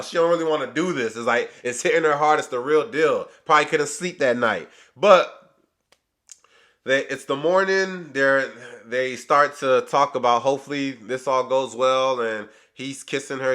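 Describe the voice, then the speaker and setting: A man's voice: mid-range voice, sharp tone. Slangy man reviewing a reality show. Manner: loose slangy talk, acts out people's lines. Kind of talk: casual commentary.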